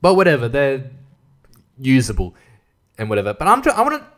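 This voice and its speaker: A man runs a solo podcast in a loose, rambling rant. He swears often and trails off into asides. His pitch is ordinary for a man. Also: wildly swooping pitch, brisk, fairly bright tone. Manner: profane, rambling, laughs at his own jokes. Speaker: podcast host.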